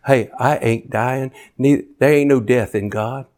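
Preacher guy doing god as a warm host, coaxing you to eat, homely. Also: medium pitch, measured pace, close to an everyday voice. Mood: inviting.

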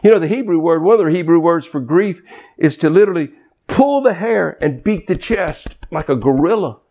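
A man in his sixties preaching a sermon with passion, dropping to hushed tones and rising to near-shouts. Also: on the high side, animated, normal speed. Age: 60s.

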